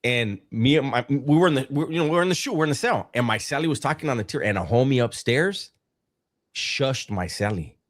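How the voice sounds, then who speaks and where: Animated man telling stories. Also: mid-range voice, fairly quick. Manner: animated, swears freely, street slang. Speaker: live stream co-host. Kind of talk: casual storytelling chat.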